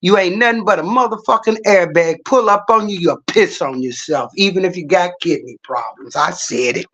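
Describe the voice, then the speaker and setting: Middle-aged lady streamer going off to her chat, cussing, blunt, gets loud telling a story. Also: on the low side, normal speed, lo-fi sound. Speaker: livestreamer. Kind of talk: casual storytelling rant.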